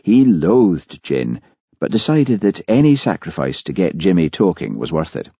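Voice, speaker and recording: A man narrating an audiobook in a measured, expressive storytelling manner, recorded dry and slightly dull. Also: deep voice, husky, no room sound. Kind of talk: scripted narration.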